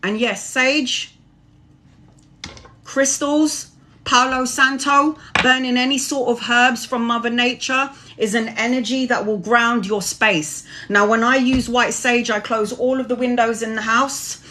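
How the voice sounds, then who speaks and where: A woman's voice: fairly high pitch, fairly even intonation, unhurried, bright, forceful tone, slight background noise. A woman tarot reader giving a casual spiritual monologue, preachy and swearing freely.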